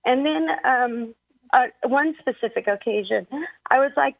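A tearful woman caller, heard over a thin, tinny phone line, with a high voice. She talks in a halting, emotional way and chokes up as she shares her story. The sound is dry and close. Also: creaky, no room sound. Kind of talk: call-in radio conversation.

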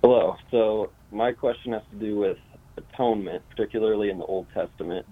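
A male caller with a very deep, husky voice asks a question on a radio show. He speaks hesitantly, and his voice comes through a tinny phone line. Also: a little fast.

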